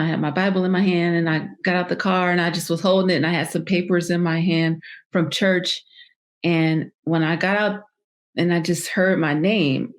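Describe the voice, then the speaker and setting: A woman speaks as a podcast guest with a slightly low voice. Her story comes out haltingly, with many fillers, pauses and restarts. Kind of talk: personal storytelling in an interview.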